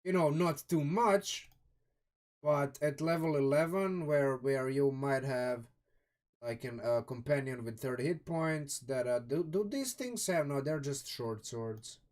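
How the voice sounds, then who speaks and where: A man's voice: mid-range voice, measured pace, darkish tone. A man from Croatia casually reviewing a game rulebook live, thinking aloud with many restarts and chatty asides to his viewers. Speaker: streamer reviewing a game sourcebook. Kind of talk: live-stream casual commentary.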